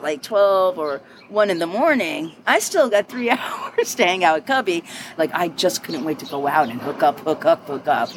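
A middle-aged woman bartender telling her story in an interview, lively and chatty, laughing often and adding quick asides. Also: on the low side, a little hiss or hum. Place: inside a bar.

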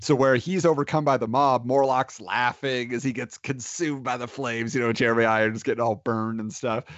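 A man rambles through a film plot in a relaxed podcast chat, leaning on "like" and "you know" as he goes. His voice sits in a mid range. The recording is dry and somewhat dull, like a modest home setup. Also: mid-range voice, dry recording. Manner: rambling, filler-heavy storytelling. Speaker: podcast co-host. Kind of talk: casual movie chat.

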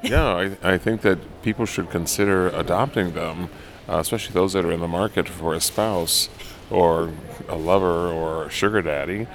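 A man with a very low voice trades dry jokes in casual banter. A faint ambient hum sits behind him. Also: normal speed.

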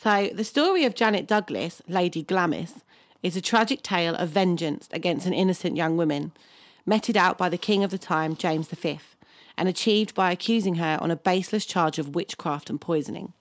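A low-pitched woman reads a grim history tale aloud at a steady podcast pace. Her voice sits close and dry on the mic, with no room sound. She drifts into casual banter between the scripted passages. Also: moderate pace, no room sound. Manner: reads from a script, laughs often, unsure of place names. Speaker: podcast co-host.

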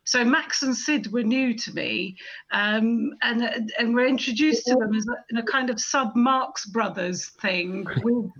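A woman co-hosting a casual film podcast, lively and chatty. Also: fairly high pitch, measured pace, lo-fi sound. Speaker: podcast co-host.

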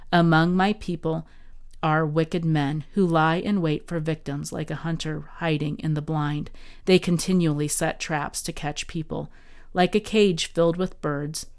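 A woman hosting a daily Bible podcast, reading scripture aloud in an expressive, dramatic way. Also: deep voice, clean tone.

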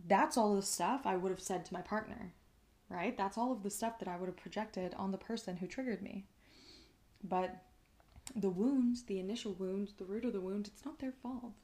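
A woman's voice: medium pitch, darkish tone. A woman hosting a podcast, talking through personal experiences in a reflective, conversational monologue that often checks in with the listener. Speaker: podcast host.

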